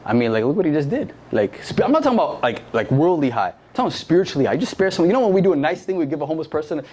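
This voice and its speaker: A man's voice: fairly high pitch, very animated, racing, darkish tone. Slangy young man preaching to youth. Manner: conversational, slangy, quizzes the audience with questions. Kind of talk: casual sermon. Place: church service.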